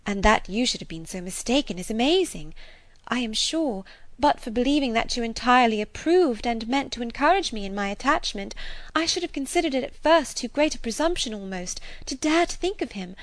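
A woman reading as an excitable naive young lady, gushing, breathless, high lively exclamations, dry close sound. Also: a little fast, no echo. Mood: agitated. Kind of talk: audiobook character voice.

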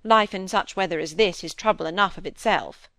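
A woman's voice: on the low side, a bit bright, no echo, studio quality, close to an everyday voice. Woman voicing a commanding elder lady. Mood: brisk. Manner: commanding, brisk. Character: authoritative elder aristocratic lady.

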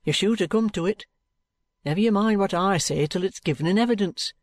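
A man playing a shrewd police detective, speaking in a cool, deliberate, coaxing way. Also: a little high, no room sound, close to an everyday voice. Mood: firm. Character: shrewd, calm male police detective, firm and patronising.

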